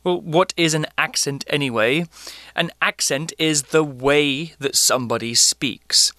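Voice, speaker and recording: A man with a British accent, explaining English words and example sentences clearly as a lesson co-host, with an occasional light joke. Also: on the high side, a little slow, pushed and bright, no echo. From Britain.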